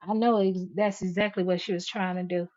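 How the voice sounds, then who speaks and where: A woman's voice: medium pitch, fairly even intonation, brisk, darkish tone. A woman hosting a live stream, reading viewers' comments aloud and answering them in a sassy, emphatic way. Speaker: channel host. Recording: dull lo-fi stream audio.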